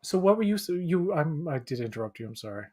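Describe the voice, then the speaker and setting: A man's voice: on the high side, sing-song, fast talker, a little mellow. A man co-hosting a watch-along, chatting casually in long rambling turns full of restarts and acted-out quotes. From Canada. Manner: rambling, many restarts and fillers, acts out quoted voices. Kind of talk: casual chat.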